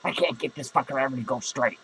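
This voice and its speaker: A man doing a gravelly drunk clown. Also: medium pitch, fast, fairly bright tone, a little hiss or hum, natural voice, rough recording. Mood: drunken rambling. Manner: slurring, rambling, swearing constantly. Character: drunken foul-mouthed adult male clown, hot-tempered. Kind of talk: improvised character comedy monologue.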